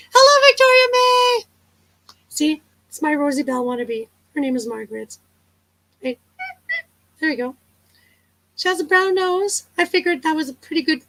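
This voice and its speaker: A woman's voice: high voice, a bit bright, no room sound, poor audio. A woman hosting a casual live chat, telling stories, chatting with viewers and laughing often. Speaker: livestream host.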